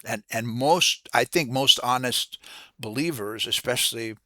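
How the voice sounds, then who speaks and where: A man giving an earnest, casual devotional talk, halting and restarting as he repeats words. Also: medium pitch, bright, forceful tone, no room sound. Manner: earnest, preacherly. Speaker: host of a Christian devotional channel.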